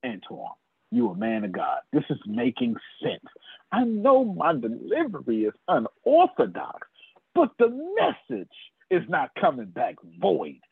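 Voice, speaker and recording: Fiery husky-voiced man preaching sales. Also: medium pitch, wildly swooping pitch, measured pace, no echo. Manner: fiery, talks straight to listeners by name, swears. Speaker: sales trainer. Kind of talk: animated preacher-like teaching. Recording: tinny phone-like video call audio.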